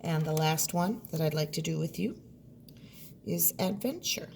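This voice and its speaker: A woman teacher giving a recorded lesson, sounding out words slowly and deliberately. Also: low-pitched, creaky, a little mellow, slight background noise.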